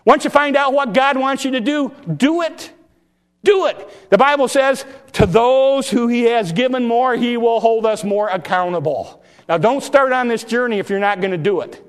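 A man's voice: normal speed, smooth. A man preaching a sermon, folksy and impassioned, acting out Bible stories in plain talk. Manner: impassioned, pitch rising when exhorting; acts out Bible dialogue in folksy speech.

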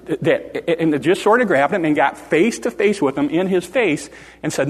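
A man with a somewhat high voice preaches to his congregation in a casual, conversational way. He stumbles, repeats words and restarts his sentences as he explains a passage. His voice rings with the long reverb of a church hall. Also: expressive, normal speed, breathy edge. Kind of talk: informal sermon with Bible teaching.

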